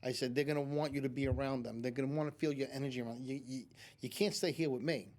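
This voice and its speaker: A man's voice: mid-range voice, steady tone, fast, darkish tone. A man, a psychic medium guest on a studio talk show, telling long anecdotes with many restarts and acting out what people said. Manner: rambling anecdotes with many restarts and acted-out quotes. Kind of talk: storytelling in a talk show interview. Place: community TV studio.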